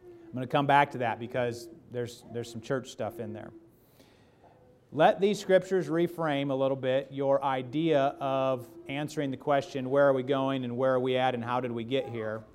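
A man's voice: mid-range voice, moderate pace, darkish tone. A man preaching a casual sermon, joking and putting questions to the congregation. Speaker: pastor. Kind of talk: conversational sermon.

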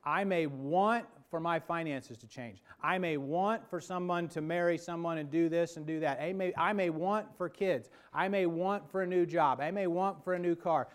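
Preaching man, dropping to a hushed voice. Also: fairly high pitch, clean tone. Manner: preaching with rising emphasis, then dropping to a soft hush. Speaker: pastor. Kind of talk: sermon.

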